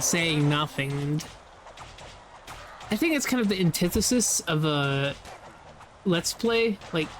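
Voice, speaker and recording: A man's voice: on the high side, fairly bright tone, slight background noise. A man talking casually over gameplay, rambling and often restarting his sentences. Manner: rambling, self-interrupting, frequent "like". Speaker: let's play commentator.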